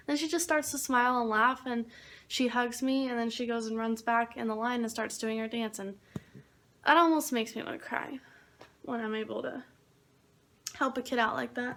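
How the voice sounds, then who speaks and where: Chatty young woman vlogger, slightly high. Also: fairly even intonation, fairly quick, fairly bright tone. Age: young adult. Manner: chatty, storytelling, laughs easily. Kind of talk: casual vlog chat.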